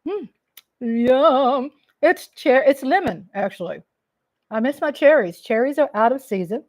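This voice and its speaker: A woman's voice: high-pitched, animated, a little slow, no room sound. A middle-aged woman from Texas with a Texan accent, chatting casually with viewers on a live stream at home and greeting them by name.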